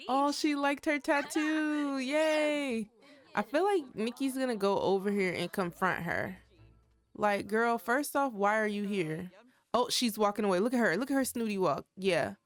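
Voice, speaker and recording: A woman's voice: on the high side, normal speed. A young adult woman giving casual, chatty commentary while playing a life-sim game, talking straight to her viewers. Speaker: gaming creator.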